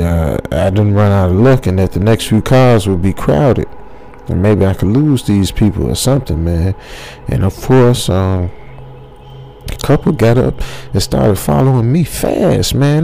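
A man's voice: fairly low pitch, mellow, slight background noise. A man casually telling a horror story in a rambling, chatty way, tagging his lines with "man" and laughing at his own jokes.

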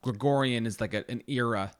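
A man's voice: medium pitch, a little fast. A man co-hosting a casual podcast chat about a movie, often hesitating and repeating his words. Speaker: podcast co-host.

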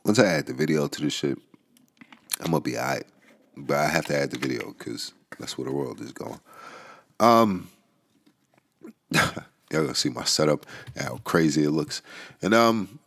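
A man's voice: rumbling low, lively intonation, moderate pace, pauses often, a bit bright. A man giving a casual, laid-back commentary monologue, a little stoned with a dry mouth, full of fillers, chuckles and bursts of disbelief.

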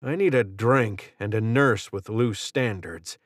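A man's voice: fairly low pitch, slow pace, no room sound, studio quality. A man voicing a wounded, wry male soldier in an audiobook, terse and short of breath. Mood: gruff.

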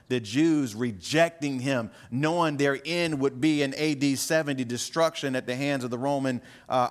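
Male pastor, middle-aged, easygoing sermon delivery with asides to the room, mid pitch. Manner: conversational preaching with asides to the congregation; repeats words when searching for the next phrase.

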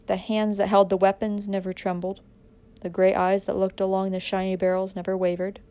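A woman narrating a dramatic audiobook in a measured way, pressing harder in tense moments. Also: mid-range voice, little pitch movement, warm tone.

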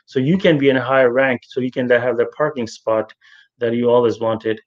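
An earnest man guides a religious study session. His voice sits at an ordinary middle pitch, and he circles back over phrases for emphasis. The sound is dull and lo-fi, like an online voice call. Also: steady tone, brisk. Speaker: study group leader. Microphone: online voice chat.

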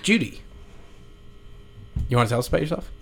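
A man's voice: mid-range voice, lively intonation, brisk, gravelly, a bit bright, slightly rough. A man co-hosting a podcast, easygoing and swearing freely in casual chat. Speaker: podcast co-host.

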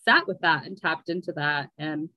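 A woman's voice: deep voice, moderate pace, bright, forceful tone, no echo, highs cut off. A woman from the United States in a casual interview, talking in a rambling, chatty way with lots of "like". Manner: chatty, rambling, heavy use of "like". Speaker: guest.

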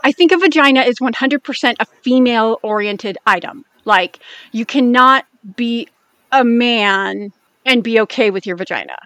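Blunt, high-voiced American woman, dry close mic. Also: fairly bright tone, dry recording. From United States. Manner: blunt, swears freely, quick bursts. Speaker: podcast co-host. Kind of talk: casual chat.

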